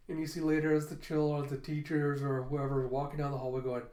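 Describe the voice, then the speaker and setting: A man's voice: fairly high pitch, flat delivery, a little fast, mellow, reverberant. Laughing man recapping a manga. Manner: retells the story, breaking into laughter. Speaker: manga reviewer. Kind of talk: casual reaction recap reading lines aloud.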